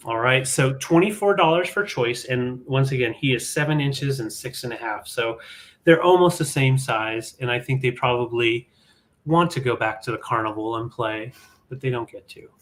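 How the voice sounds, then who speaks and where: Man, live sale co-host, casual, relaxed auction patter. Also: medium pitch, moderate pace.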